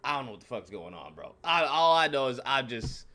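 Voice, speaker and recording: A man rants casually on his own channel, swearing freely and laughing as he spins a story. His pitch leaps all over the place, and he keeps acting out his own reactions. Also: fairly quick. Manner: animated, profane, laughing, acts out his reactions. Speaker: channel host.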